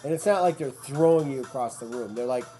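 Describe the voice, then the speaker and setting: A man's voice: mid-range voice, quick pace, warm tone, faint music behind. A man acting as game master who thinks aloud casually while making rulings. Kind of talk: ruling and narrating a tabletop game.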